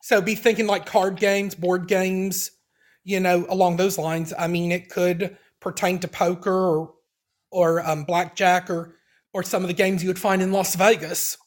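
A man co-hosting a podcast, explaining a trivia contest in casual chat, measured and hesitant with frequent ums. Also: sits high, little pitch movement. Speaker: podcast co-host running trivia.

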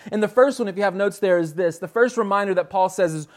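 High-voiced earnest male preacher. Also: quick pace, few pauses. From United States. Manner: earnest, emphatic preaching with frequent restarts. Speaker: pastor. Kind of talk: sermon.

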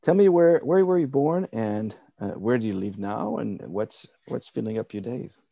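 A man's voice: medium pitch, moderate pace, creaky, dark tone, no echo, muffled recording. A man hosting a podcast, chatting playfully and laughing often as he interviews a guest. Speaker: podcast host. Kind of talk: casual interview chat.

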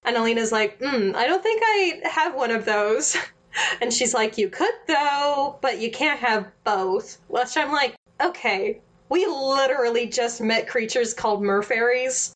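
A woman's voice: on the high side, unhurried. A young woman chatting casually, retelling a story with lots of laughter and quoted lines. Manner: giggly, animated retelling with quoted voices. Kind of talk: casual recap chat.

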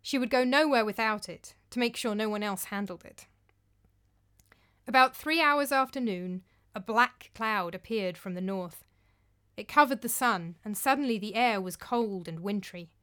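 A woman narrating a storybook tale in a calm, measured, clear way. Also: mid-range voice.

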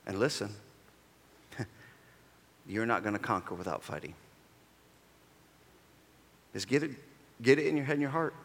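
A man's voice: lowish voice, animated, a little slow, pauses often. A man preaching a sermon as pastor, with emphatic delivery that calls for answers from the congregation, echoing in a large church auditorium. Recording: long reverb of a large hall.

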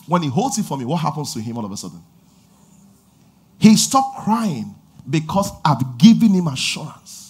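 A man preaching a lively sermon, shouting call-and-response lines and laughing between stories. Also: high-pitched, breathy edge. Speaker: pastor.

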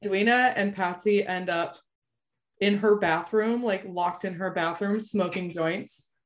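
A woman co-hosting a podcast in casual chat, animated and quick to slip into playful impressions. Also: medium pitch. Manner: animated, often slips into a posh drawling impression. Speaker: podcast co-host.

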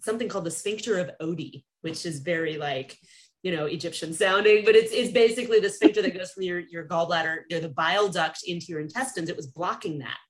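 Animated woman telling a story. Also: fast. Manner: animated, acts out quoted people with big pitch jumps and laughs. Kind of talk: casual storytelling in conversation.

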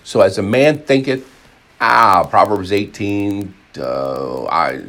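A man with a lowish voice preaches a sermon at a slow pace, rambling with frequent repeats and restarts. He is animated, acting out crowd voices in his examples.

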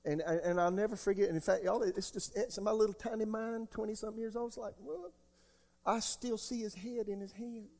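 A man in his sixties preaching a sermon as pastor, emphatic, jumping between loud outbursts and quiet asides. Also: sits high, steady tone, brisk, few pauses. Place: church sanctuary. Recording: long hall reverb.

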